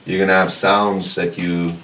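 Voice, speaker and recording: Patient and slow, a very deep-voiced male language teacher repeats words for his class to follow. His tone is level and a bit bright. The mic sits at a distance in a reverberant room, and a faint hiss runs underneath.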